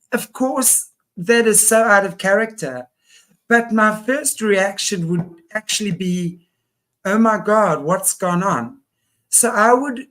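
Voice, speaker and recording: A woman hosting a conversation, with a mid-pitched voice. She reflects aloud at a measured, thoughtful pace. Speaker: host. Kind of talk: conversational interview.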